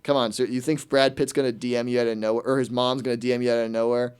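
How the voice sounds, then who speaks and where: A male radio host talks at a rapid clip in casual studio chat. He rants with exasperation and slips into mock voices for quotes. His pitch sits in an ordinary middle range. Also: flat delivery, darkish tone, clear, resonant tone.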